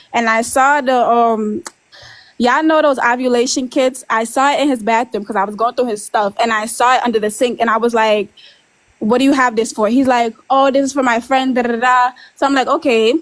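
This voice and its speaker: A woman's voice: a little high, fairly even intonation, a little fast, poor audio. A woman in her twenties, a caller on a live stream, telling a rambling personal story with nervous laughs and many fillers. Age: 20s. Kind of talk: casual confessional storytelling.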